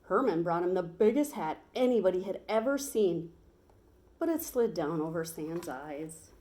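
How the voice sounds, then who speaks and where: A woman's voice: fairly low pitch, moderate pace. Woman reading a children's story aloud. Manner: lively, expressive storytelling.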